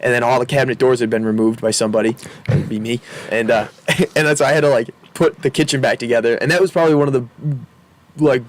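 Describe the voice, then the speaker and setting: A man's voice: mid-range voice, fairly even intonation, fast talker. Young man, rambling and candid. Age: 20s. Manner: rambling, candid, laughs often, many fillers. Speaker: podcast guest. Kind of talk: casual storytelling.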